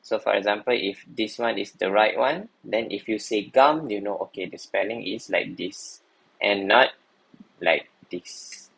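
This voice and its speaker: Slow, husky male teacher. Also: fairly low pitch, a bit bright, rough recording. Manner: patient, repeats "okay" often, slow explanatory. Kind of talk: language lesson explaining writing.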